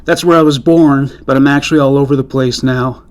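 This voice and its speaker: A man's voice: mid-range voice, fairly even intonation, fairly quick, natural voice. A man voicing an easygoing young Scottish drifter in a true-crime story, chatting casually and friendly.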